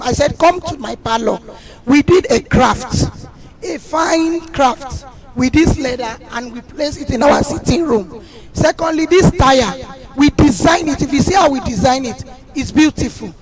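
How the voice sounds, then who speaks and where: A hoarse woman with a Nigerian accent, speaking as a community representative at a public meeting, earnest and grateful, with many restarts. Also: high-pitched, normal speed. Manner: earnest, thanking, rambling with restarts.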